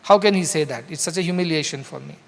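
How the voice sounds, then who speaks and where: A man's voice: a little high, fast, vocal fry, slight background noise. A man with an Indian English accent speaks as a proud, irritated Sanskrit scholar in a story, indignant and scornful, in a reverberant hall.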